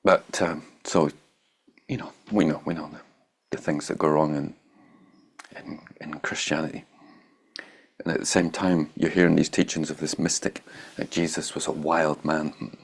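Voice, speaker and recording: Blunt, irreverent deep-voiced male teacher. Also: steady tone, normal speed, creaky, pauses often, husky. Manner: blunt and irreverent, swears and laughs. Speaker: meditation teacher. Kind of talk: informal dharma talk, answering a student.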